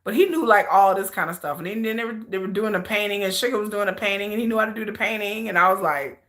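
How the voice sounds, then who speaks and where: A woman hosting a livestream in casual chat, animated and slangy, often laughing as she talks. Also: medium pitch, fast talker. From United States. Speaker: livestream host.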